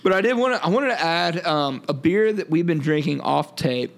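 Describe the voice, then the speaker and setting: Young male podcast co-host, gravelly and a touch high, relaxed banter with frequent fillers. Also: normal speed. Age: young adult. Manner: laid-back, filler-heavy, joking. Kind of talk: casual chat.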